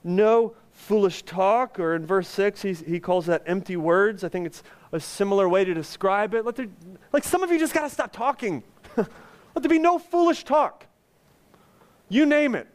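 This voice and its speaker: A man's voice: high voice, fairly quick. A male pastor preaching a sermon, earnest and conversational with touches of humor.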